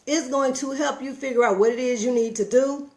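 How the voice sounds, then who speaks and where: A middle-aged woman giving a folksy, preachy motivational talk with animated storytelling. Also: high voice, fairly quick. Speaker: motivational vlogger.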